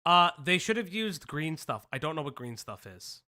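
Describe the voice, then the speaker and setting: Speaking at a moderate pace with a medium pitch, an American stream host gives excited, casual commentary, cursing and starting sentences over.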